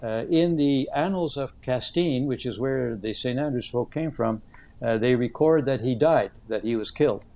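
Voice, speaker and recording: A man in his seventies, an author answering interview questions in an earnest, thoughtful way, with many "uh" pauses as he tells stories. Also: medium pitch, dark tone. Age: 70s.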